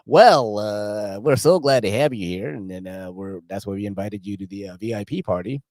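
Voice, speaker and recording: A man putting on the voice of a polite, welcoming male knife company host who speaks haltingly with filler pauses. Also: fairly low pitch, a little mellow, no echo, studio quality, close to an everyday voice.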